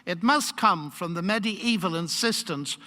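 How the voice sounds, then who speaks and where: An older man giving a public lecture in a university hall, measured and emphatic, posing rhetorical questions. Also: sits high, pushed and bright. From United Kingdom. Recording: long hall reverb.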